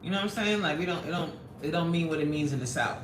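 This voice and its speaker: A woman's voice: sits low, fast, a little hiss or hum. A woman hosting a livestream, chatting casually, laughing often and greeting viewers by name. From New York. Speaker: livestream host. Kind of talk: casual livestream chat reading comments. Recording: echoey room, voice off mic.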